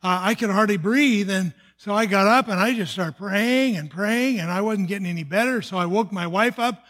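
A man's voice: high-pitched, moderate pace, a bit bright. An older man from the United States, a pastor, telling a personal testimony in an earnest storytelling sermon, often restarting his sentences.

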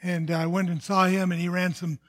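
An older male pastor with a notably high voice offers a personal testimony in a flat delivery. He tells it earnestly and plainly, sermon-style, with frequent fillers and stop-and-start phrasing.

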